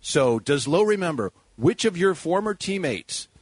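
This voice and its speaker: Animated, joking sports radio host man. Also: a little high, moderate pace, slightly rough, no room sound. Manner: animated, joking, does voices and accents.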